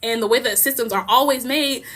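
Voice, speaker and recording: Bright-voiced young woman ranting passionately. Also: fairly high pitch, brisk, a little hiss or hum. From United States. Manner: rambling and passionate, with frequent laughs and restarts. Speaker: livestream host. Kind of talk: casual livestream monologue.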